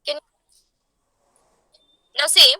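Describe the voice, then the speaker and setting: A woman teacher, giving an online class lecture. She talks slowly and repeats points, often checking that students follow. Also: sharp tone, no echo, rough recording. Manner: slow, repetitive, checks on students.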